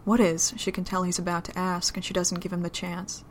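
A woman reading an adult romance story aloud in a low, intimate, steady manner. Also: brisk, slight background noise. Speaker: narrator.

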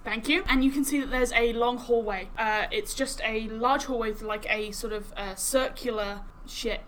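A woman's voice: on the high side, fairly even intonation, normal speed, fairly bright tone, slight background noise, poor audio. Giggly woman game master. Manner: laughing, loose, filler-heavy narration. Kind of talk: narrating a tabletop game.

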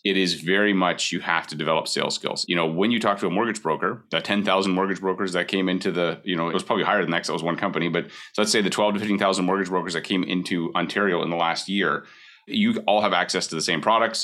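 A man in his forties with a very low voice talks quickly in a candid, conversational way. His tone is bright and forceful, and he repeats his points for emphasis. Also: steady tone. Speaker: mortgage broker. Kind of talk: casual advice talk.

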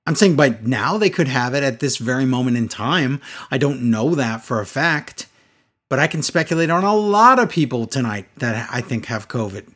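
A man's voice: medium pitch, animated, normal speed, a bit bright. A man in casual chat, reviewing a wrestling show with sarcastic, exasperated commentary.

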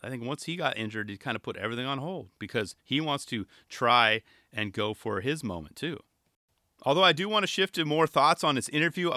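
A young man giving casual solo commentary on skateboarding, excitable and rambling, firing off rhetorical questions. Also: fairly high pitch, no echo, studio quality.

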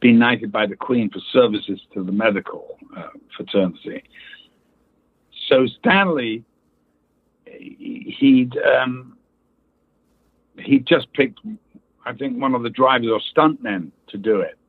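Husky man telling stories over a phone line. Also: medium pitch, slow, long pauses. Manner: storytelling, mimics voices in quotes. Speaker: actor guest. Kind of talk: anecdotal interview chat.

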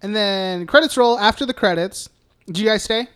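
A man's voice: sits high, moderate pace, fairly bright tone, clear, resonant tone. Brief: male podcast co-host, blunt and profane, casual film banter with frequent laughs. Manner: blunt, swears freely, laughs often.

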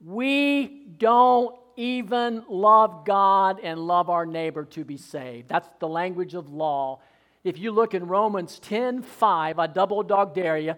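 High-voiced male preacher, fervent sermon delivery, loud exhortations broken by soft asides. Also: measured pace.

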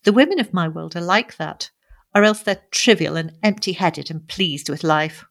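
A woman's voice: fairly low pitch, normal speed, gravelly, fairly bright tone. A woman reading the part of a young society woman, earnest and emotional, pleading and reproachful by turns. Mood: weary. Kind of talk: audiobook character reading.

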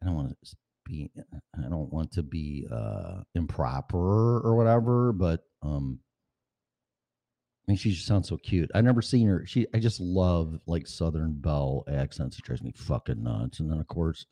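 A man's voice: very deep voice, animated, normal speed, dark tone. A middle-aged man hosting his own podcast at home, talking in a profane, rambling rant. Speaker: podcast host. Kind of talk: casual rambling monologue. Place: apartment at home. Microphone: studio mic with headphones.

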